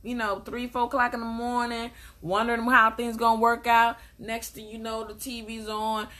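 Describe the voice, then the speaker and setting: A woman's voice: a little high, little pitch movement, moderate pace, sharp tone. A woman life coach giving a motivational talk, emphatic and repetitive, asking rhetorical questions and answering them.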